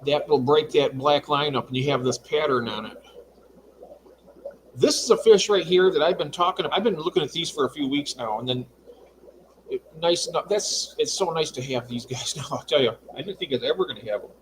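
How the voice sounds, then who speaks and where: A man's voice: on the high side, a little fast, background noise. A man hosting a casual livestream from his fish room at home, chatting and reading out viewer comments. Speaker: livestream host.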